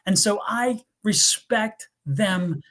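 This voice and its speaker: A middle-aged man from the US East Coast, hosting a live tarot stream and telling stories in an animated, rambling way full of restarts. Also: sits high, slow pace. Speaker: tarot reader and livestream host. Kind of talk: casual live-stream chat.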